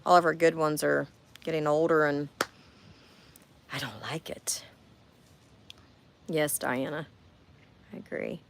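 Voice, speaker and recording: With a low, creaky voice and a steady tone, a woman in her 40s takes her time and pauses often while chatting on a livestream from a camper. She reads viewer comments and talks straight to them during her camping trip, and there's a little hiss or hum in the audio.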